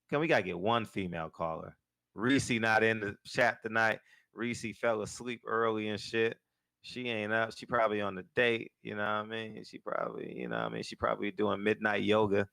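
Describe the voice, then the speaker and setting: A man's voice: on the low side, fairly even intonation, a little fast, gravelly, fairly bright tone, no echo. A man hosting a live call-in show, talking in a laid-back, slangy way and laughing often. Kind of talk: casual live-stream chat.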